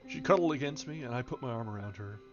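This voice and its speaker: A man's voice: medium pitch, lively intonation, fast talker. Man reading a novel aloud, lo-fi. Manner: stumbles and corrects himself on foreign names. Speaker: audiobook reader. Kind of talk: novel read aloud on a livestream. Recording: dull lo-fi with faint music.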